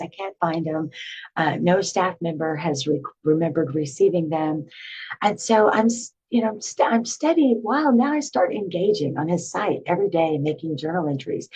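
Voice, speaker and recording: Chatty husky-voiced woman telling her story. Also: medium pitch, poor audio. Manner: chatty and animated, with filler words and laughs. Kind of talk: casual storytelling to camera.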